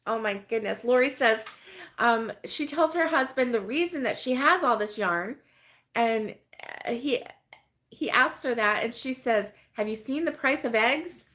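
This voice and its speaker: A middle-aged American woman hosts a casual crochet live stream, rambling with many fillers and laughing often as she reads viewer comments. Her slightly high voice is animated, unhurried and a bit bright.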